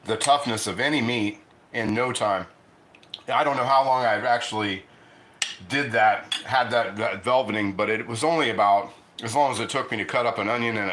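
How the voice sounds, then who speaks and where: Bright-voiced middle-aged man chatting while eating. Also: medium pitch. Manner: rambling, chatty, restarts often; eating and talking with mouth full. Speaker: cooking show host. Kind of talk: casual livestream chat.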